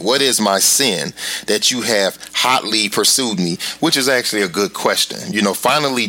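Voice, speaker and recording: A man with a fairly low but bright, forceful voice teaching a verse-by-verse Bible lesson. He explains in a loose, conversational way, full of little filler sounds. When he reads the scripture passages aloud, he slows down and gives them weight.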